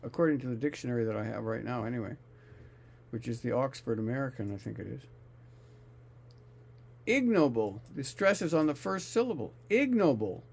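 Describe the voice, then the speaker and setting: A man's voice: medium pitch, expressive, fast talker, gravelly. A man reading scripture aloud and musing on it casually, often searching for words. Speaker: scripture reader and commentator.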